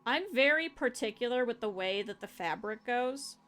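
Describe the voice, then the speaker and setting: A woman streamer walks her viewers step by step through cutting and sewing a plush, explaining as she works in a casual craft tutorial. Her voice is a little high, expressive and a bit bright, at a moderate pace. Soft music plays in the background.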